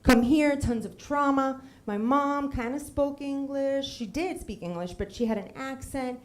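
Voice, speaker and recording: A middle-aged woman from Puerto Rico giving a personal storytelling talk with slides. She is humorous, lively and often drifts into tangents and acted quotes. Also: high-pitched, a little slow. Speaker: storytelling speaker on stage.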